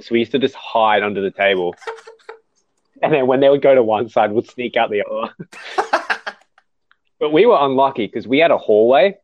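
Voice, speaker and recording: A young man in laid-back casual chat, chuckling and swearing as he shares memories. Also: lowish voice. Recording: dull, dry lo-fi sound.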